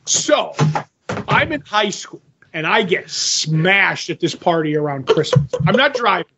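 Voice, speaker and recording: A man co-hosting a podcast, telling animated stories with frequent laughter in casual chat. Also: high voice, unhurried, husky, muffled recording. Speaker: podcast co-host.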